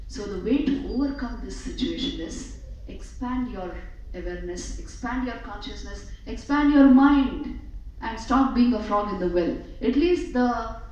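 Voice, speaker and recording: A woman giving a spiritual talk, measured and emphatic, repeating phrases for effect as she tells a story. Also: on the high side, warm tone, a little hiss or hum. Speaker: spiritual speaker. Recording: echoey hall from a distant, dull mic.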